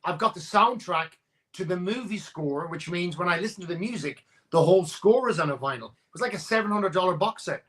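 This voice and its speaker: A man talks movies on a live video call from his home setup, animated and teasing, with plenty of swearing. His voice is bright and forceful and sits a touch high for a man. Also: fairly quick. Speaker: live stream co-host. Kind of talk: casual chat about movies.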